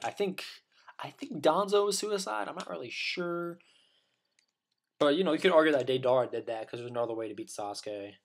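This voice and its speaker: A man delivering a rambling, profane opinion rant as a vlogger, full of restarts and blunt insults. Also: medium pitch.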